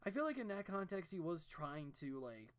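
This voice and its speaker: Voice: medium pitch, sing-song, normal speed. An art streamer who chats while drawing at home on a desk mic, rambling and ranting with plenty of swearing and restarts.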